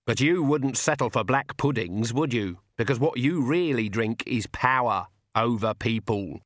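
A man reading an audiobook and voicing a stern, shrewd old witch woman who speaks in a dry, calm, cutting way. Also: medium pitch, unhurried, no echo.

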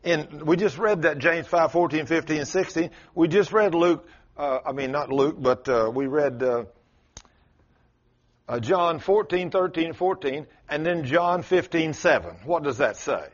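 A male pastor preaching a sermon, telling a story with sudden rises and drops in his voice. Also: a little slow. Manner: storytelling with dramatic swings in pitch and loudness. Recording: muffled lo-fi sermon recording.

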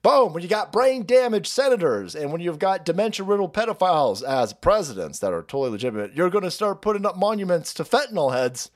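A foul-mouthed male streamer rants on a live stream, his fairly high voice leaping wildly up and down. He mocks what he talks about in a crude, jeering way. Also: big pitch swings, fast talker, few pauses. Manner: crude, mocking, often laughing and yelling outbursts. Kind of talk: profane ranting commentary.

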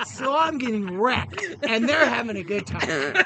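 A middle-aged man and former Marine telling a story in a casual podcast chat, animated and profane, acting out the voices of the people in it. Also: very high voice, a little slow, background noise.

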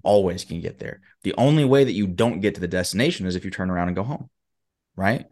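Animated low-voiced motivational speaker. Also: male voice, fast. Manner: animated, acts out characters. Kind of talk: motivational storytelling.

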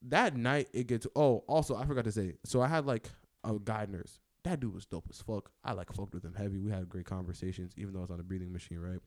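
Animated young man telling a story. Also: quick pace, few pauses. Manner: animated and slangy, leans on "like" and "bro"; swings between loud bursts and low muttering. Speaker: podcast host. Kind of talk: casual storytelling.

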